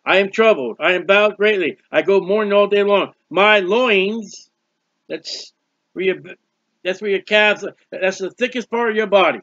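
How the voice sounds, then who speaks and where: A man's voice: sits high, unhurried, dry recording, highs cut off. A man preaching a sermon, reading scripture aloud and explaining it, drawing out words for emphasis. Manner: expressive Bible reading with commentary, stretches words.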